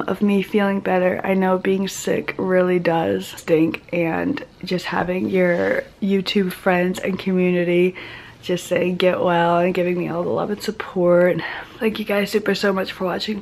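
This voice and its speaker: A young woman talks into her home camera, sick and close to crying. She gushes and keeps saying "oh my gosh." Faint hiss sits under the recording. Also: fairly low pitch. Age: young adult. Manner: gushing, emotional, says "oh my gosh" often. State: sick and weak, near tears. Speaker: vlogger. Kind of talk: casual vlog to camera.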